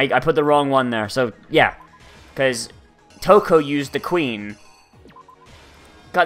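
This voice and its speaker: A man's voice: mid-range voice, fairly bright tone. A man casually and profanely commenting on a video game he is playing, rambling and exasperated. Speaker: let's play host.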